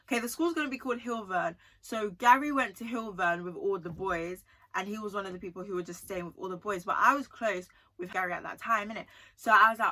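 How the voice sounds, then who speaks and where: A woman's voice: mid-range voice, fast, hardly any pauses, sharp tone. A young woman telling a personal story in a chatty, emotional vlog, often checking in with her viewers. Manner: chatty, emotional, often asks 'do you know what I mean'. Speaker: vlogger.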